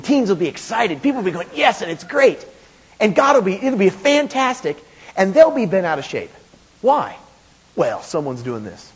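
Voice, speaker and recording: A man preaching a sermon in an emphatic, animated way, with quotes and asides. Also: high-pitched, breathy edge. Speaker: pastor.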